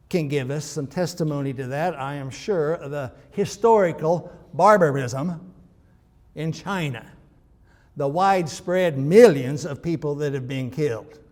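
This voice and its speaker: High-voiced male pastor in reverberant church. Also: darkish tone. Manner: conversational, emphatic, with frequent restarts. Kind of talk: sermon.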